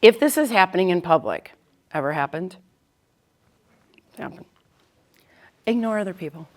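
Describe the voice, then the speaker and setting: A woman's voice: on the low side, expressive, normal speed. A middle-aged woman school counselor giving a practical, conversational talk to parents and often checking in with "right?".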